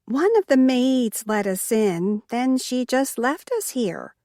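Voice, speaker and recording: A woman's voice: on the high side, expressive, slow pace, mellow, no room sound, clean studio sound. A woman voicing a plain-spoken, direct woman visiting a friend.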